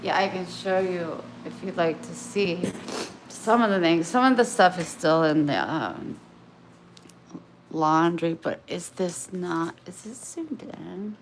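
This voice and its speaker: A woman's voice: on the low side, animated, slow, a little hiss or hum. A woman vlogging in casual, rambling chat to camera, often breaking off and restarting, candid about herself. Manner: meandering, self-interrupting, candid. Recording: echoey room with faint ambience.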